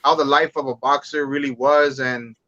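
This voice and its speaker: A man with a bright, forceful voice speaks as a podcast guest. He rambles, restarts his sentences and swears now and then. The sound is dry and a little dull, like a lo-fi call line. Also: mid-range voice, fairly even intonation, normal speed, no echo. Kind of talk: casual movie talk.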